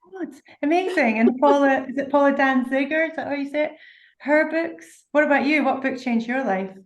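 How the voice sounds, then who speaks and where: A woman's voice: high voice, fairly quick, muffled recording. A woman with a Scottish accent, a guest author on a podcast, chatting effusively with many fillers and exclamations. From Scotland. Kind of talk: casual interview chat.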